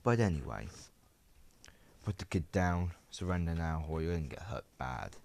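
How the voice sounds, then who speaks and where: Man doing a calm young armored hero. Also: deep voice, normal speed, gravelly, slight background noise, heavily acted. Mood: threatening. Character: young male hero in a robot armor suit, cool and confident.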